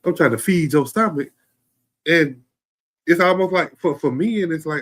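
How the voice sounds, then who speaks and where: A man's voice: on the high side, moderate pace, long pauses. Emphatic male podcast co-host. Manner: emphatic, repeats himself when making a point. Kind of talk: casual relationship chat.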